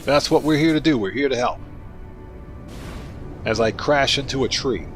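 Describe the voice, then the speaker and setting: A man's voice: mid-range voice, moderate pace, faint music behind. Chatty man streaming a game. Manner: chatty, talks to viewers by name while playing. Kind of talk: casual livestream gaming commentary.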